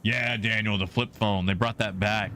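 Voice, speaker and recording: A man's voice: fairly low pitch, fairly even intonation, moderate pace, pushed and bright, faint music behind. A male game streamer chatting casually with his live viewers in a rambling, easygoing way with many fillers.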